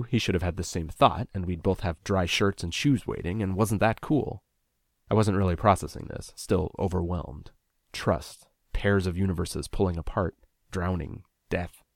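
A man narrating a first-person audiobook in a measured, introspective way, close to the mic. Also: deep voice, gravelly, dry recording.

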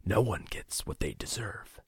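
A man's voice: on the low side, slow pace, fairly bright tone, husky, dry recording, studio quality, pitched above the performer's own voice, exaggerated voice. A man voicing a wounded, treacherous man who slurs his words in a half-whisper, in an audiobook. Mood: cold menace.

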